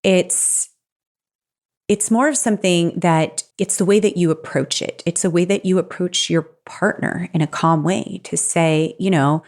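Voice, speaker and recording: A woman with a notably low voice talks through advice on her own podcast. She sounds earnest and encouraging, speaking in a loose, conversational way as she reasons things out. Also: moderate pace. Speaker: podcast host; stepparent. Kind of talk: solo podcast advice talk.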